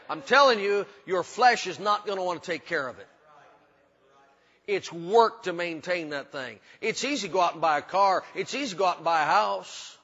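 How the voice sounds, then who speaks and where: A preacher with a high, bright voice that has a husky edge. He builds his points through repetition and folksy humor. The sound is a dull recording with a long reverb trailing off the sanctuary walls. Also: animated, normal speed. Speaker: pastor. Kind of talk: sermon. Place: church sanctuary.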